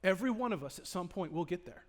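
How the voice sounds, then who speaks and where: A man preaching a sermon to a live congregation. He speaks dramatically, acts out the people in the story, and swings between hushed and loud delivery. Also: high-pitched, expressive, fast. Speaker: pastor. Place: church in front of a live congregation.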